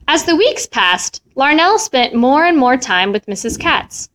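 A woman reading a children's story aloud with an expressive, melodic delivery. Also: sits high, a little slow, a little hiss or hum. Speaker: storybook reader.

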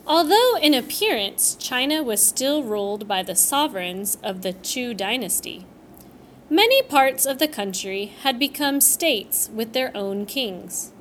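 A woman reading a folktale aloud as storybook narration, slow and expressive. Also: a little high, slight background noise.

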